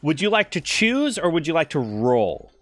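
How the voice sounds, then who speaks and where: A man's voice: fairly high pitch, very animated, normal speed, a bit bright, dry recording, soft background music. A man chatting casually on a livestream while running a tabletop game. He rambles, stammers through restarts and keeps getting sidetracked. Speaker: game master and streamer.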